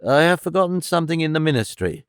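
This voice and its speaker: A man's voice: a little high, animated, quick pace, clear, resonant tone, no echo, studio quality, pitched above the performer's own voice, natural voice. A man voicing a polite, reserved older abbot who answers courteously but evasively.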